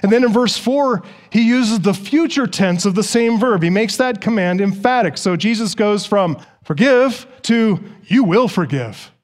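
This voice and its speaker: A man's voice: high voice, moderate pace, few pauses. A man preaching a sermon as pastor, emphatic and repeating words for stress.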